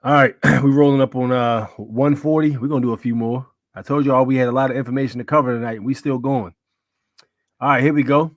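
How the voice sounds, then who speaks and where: A man's voice: medium pitch, fairly even intonation, brisk, no room sound, studio quality. A man hosting a live stream, reacting to clips in slangy, rambling casual commentary, talking to his chat. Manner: slangy, rambling, many fillers and "you know what I'm saying". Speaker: livestream host.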